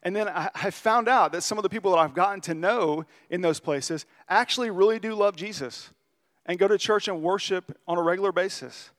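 A pastor delivers a conversational sermon in a relaxed manner, his voice a bit higher than the average man's. Earnest and confessional, he slows down to stress a story's key lines.

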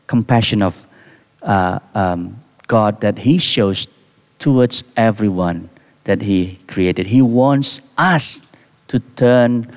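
A man preaching a sermon as a pastor, deliberate, with rising emphasis on key words. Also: medium pitch. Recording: long reverb of a large hall.

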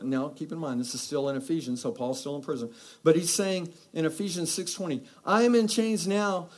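A man preaching a sermon from Texas, animated and exhorting, asking the congregation rhetorical questions. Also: high-pitched. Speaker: pastor.

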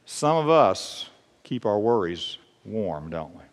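A man preaching a sermon as pastor, emphatic and animated, repeating key phrases. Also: lowish voice, slow, long reverb tail.

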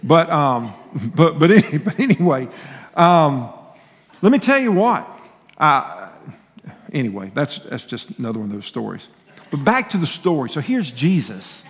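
A man's voice: a little high, big pitch swings, moderate pace, fairly bright tone, big-room sound. A male pastor giving a sermon in a folksy, conversational way, telling personal stories with restarts and laughing asides.

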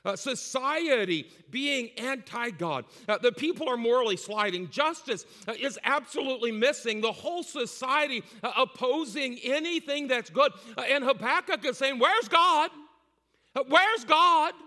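A man's voice: very high-pitched, expressive, moderate pace, hardly any pauses, sharp tone. A man preaching a sermon as pastor, impassioned and repetitive, with frequent "uh" fillers, in a church. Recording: long hall reverb.

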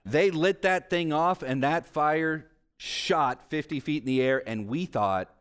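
A man, a pastor, preaching a sermon with animated swings in pitch and volume, telling stories along the way. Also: measured pace, smooth.

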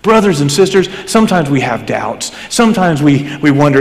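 A male pastor preaching a sermon, swinging between fervent raised emphasis and hushed, low passages. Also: sing-song, moderate pace. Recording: long hall reverb.

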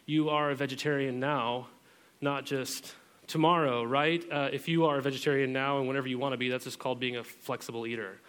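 A man's voice: on the high side, fairly even intonation, brisk, a bit bright, smooth. A man in his thirties, a pastor giving a sermon in a church, talking in a casual, chatty way with many fillers.

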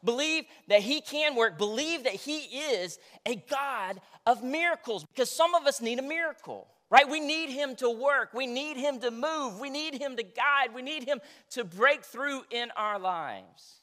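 A male pastor preaches with lively energy, pulling the room into call-and-response. His voice sits high and rings bright and forceful. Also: normal speed, few pauses. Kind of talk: sermon.

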